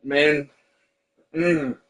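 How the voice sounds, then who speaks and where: A man's voice: on the high side, fairly even intonation, extremely slow, a bit bright, rough recording. A man telling stories in casual chat, swearing often and quoting family. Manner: emotional storytelling, swears, quotes others; eating while talking. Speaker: podcast host.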